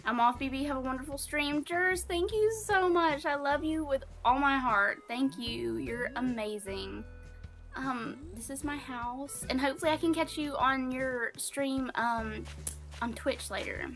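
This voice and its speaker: A woman's voice: high-pitched, measured pace, a bit bright, soft background music. A young woman from Alabama with a Southern accent, chatting casually with her livestream viewers, full of ums and likes. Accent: Southern American (Alabama). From Alabama, USA. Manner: chatty, reads chat aloud, many ums and likes. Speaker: streamer. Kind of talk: casual gameplay livestream chat.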